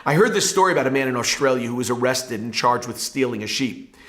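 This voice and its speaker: A man's voice: mid-range voice, animated, quick pace, a bit bright. A male pastor giving a devotional Bible teaching in an earnest, emphatic preaching manner.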